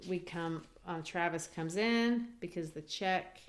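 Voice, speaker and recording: A woman's voice: lowish voice, a little slow. Thoughtful woman discussing literature. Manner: thoughtful, reads quotes aloud with small voice changes. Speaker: podcast co-host.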